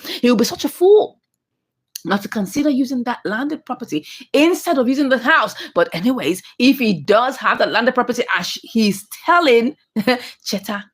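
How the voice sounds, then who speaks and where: Lively high-voiced woman recapping. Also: moderate pace, breathy edge. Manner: exclamatory, talks back to the characters, laughs often. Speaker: movie reviewer. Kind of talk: animated movie recap commentary.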